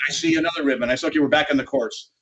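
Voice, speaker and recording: A man's voice: fairly high pitch, racing, a bit bright. A man telling a rambling, salty off-road racing yarn to a panel in casual chat. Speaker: panel guest. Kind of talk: casual storytelling. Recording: dull lo-fi audio.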